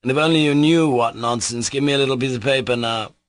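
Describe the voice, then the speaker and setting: A man voicing a reckless, excitable young nobleman in an audiobook reading, loud and exclamatory. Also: medium pitch, fast, dry recording, voice pushed up, natural voice. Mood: exuberant.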